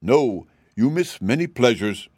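A man's voice: medium pitch, lively intonation, measured pace, darkish tone, dry recording, clean studio sound. A man voicing a proud, vain old male cab horse who talks down with lofty pity. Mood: boastful. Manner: boastful, pitying, lofty.

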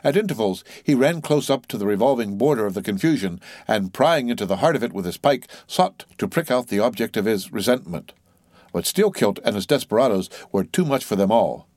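A man giving steady, measured scripted narration of a classic novel as an audiobook reader. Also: lowish voice, no room sound, clean studio sound.

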